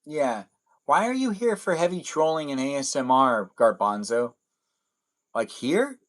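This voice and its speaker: A man hosts a loose live stream chat at an ordinary middle pitch. He rambles, restarts his thoughts and keeps repeating his own pet phrases. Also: lively intonation, unhurried, rough recording.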